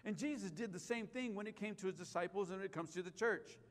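A male pastor delivers a sermon in a high, ringing voice. He stresses key lines and puts questions to the church. The live stream carries a long reverb from the sanctuary. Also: quick pace. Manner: emphatic preaching, repeats key lines, asks the church questions.

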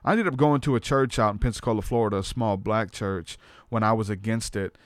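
A man's voice: fairly low pitch, fairly quick, dry recording, clean studio sound. A man hosting a podcast, telling a personal faith testimony in casual talk, earnest and storytelling, often saying "man". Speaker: podcast host.

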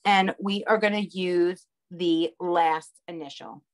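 A woman's voice: lowish voice, steady tone, slow pace. Chatty woman with a heavy Long Island accent. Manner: chatty, checks in with "okay?" and "all right". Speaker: craft instructor. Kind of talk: live online craft class.

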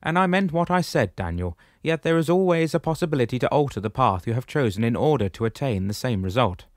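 A man voicing a wise, calm old shepherd who patiently explains things and gently lectures the younger ones. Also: medium pitch, fast, no room sound, clean studio sound, voice pushed up, lightly acted. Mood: calm explaining.

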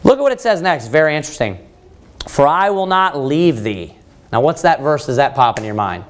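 Male preacher, slightly high voice, lively pitch, Bible study sermon, rhetorical questions. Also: fairly quick. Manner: animated, quotes scripture, asks the room questions.

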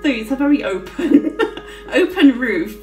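A woman's voice: high-pitched, animated, unhurried, far from the mic. A woman giving casual gameplay commentary, swearing freely and giggling often as she plays. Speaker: gaming channel host. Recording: roomy with faint music.

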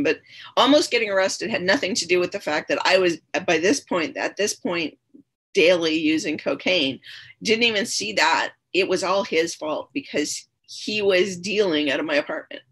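Husky low-voiced woman telling her story. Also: animated, moderate pace, a bit bright. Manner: earnest, repetitive phrasing, candid and reflective. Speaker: podcast guest. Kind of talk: personal storytelling in conversation.

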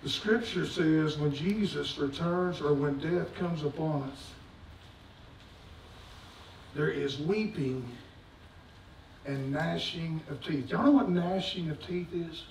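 A middle-aged man preaching a sermon, swinging from shouts to hushed, folksy talk. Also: on the high side, slow pace, pauses often, distant mic, a little hiss or hum. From United States. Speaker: pastor. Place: church sanctuary. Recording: echoey church recorded from afar.

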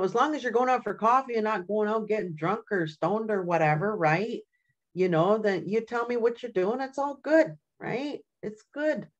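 A woman's voice: medium pitch, muffled recording. An older woman from Canada, an elder giving an informal teaching talk in a storytelling way, often checking in with "right?" and "you know". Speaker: community elder.

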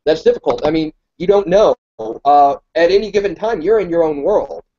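A man hosting a live Q&A, talking in a halting way and searching for his words mid-sentence. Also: fairly high pitch, expressive, dark tone, dull audio. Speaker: host. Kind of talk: live Q&A chat.

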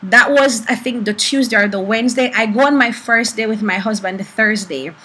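A young woman prophetess teaching about prophecy through animated personal stories, acting out the people she quotes. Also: a little high, brisk, husky, rough recording. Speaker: prophetess and preacher.

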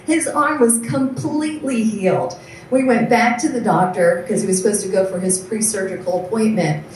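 A woman's voice: medium pitch, a little fast, darkish tone, slight background noise. Earnest woman speaking from far off in an echoey hall. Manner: earnest storyteller, acts out quoted voices. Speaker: nurse giving a testimony. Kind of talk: personal testimony speech. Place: large event hall.

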